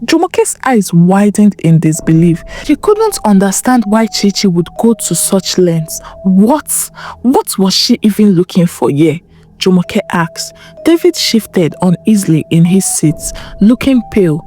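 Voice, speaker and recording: A woman's voice: medium pitch, big pitch swings, a little slow, warm tone, faint music behind. Woman narrating a storybook tale.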